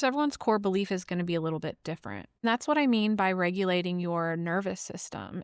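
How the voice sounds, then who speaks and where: A woman hosts a podcast in a casual monologue, blunt and emphatic, with lots of swearing. Her voice is lowish, clear, and resonant, recorded cleanly in a studio with no echo.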